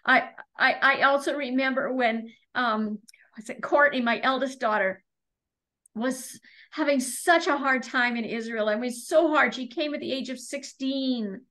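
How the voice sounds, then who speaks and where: Middle-aged woman, high voice, earnest scripture teaching, video call audio. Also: a bit bright, low-quality recording. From Canada. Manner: earnest, storytelling, repeats words when moved. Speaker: Torah study teacher.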